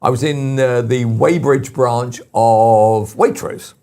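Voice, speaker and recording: Older male talk host, gravelly, anecdotal and emphatic. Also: mid-range voice, fairly even intonation, takes it slowly, mellow. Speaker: show host. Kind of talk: talk radio discussion.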